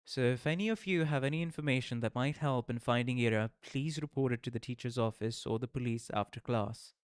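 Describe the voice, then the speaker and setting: A man's voice: mid-range voice, a little fast, clean tone, dry recording, close to an everyday voice. A man reading as a dry, stern schoolteacher. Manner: dry, flat delivery. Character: stern schoolteacher announcing a missing pupil. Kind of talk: visual novel read-aloud.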